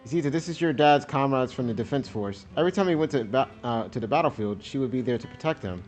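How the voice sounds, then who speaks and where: A man's voice: mid-range voice, animated, fast, darkish tone, faint music behind, lightly acted. A man reading as a grieving widow, Sally. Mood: subdued. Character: soft-spoken grieving widow and mother.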